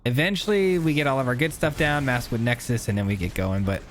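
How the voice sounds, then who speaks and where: A man's voice: mid-range voice, a little fast, a little hiss or hum. A man giving casual, chatty commentary on his own gameplay, thinking aloud with many filler words. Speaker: gaming YouTuber.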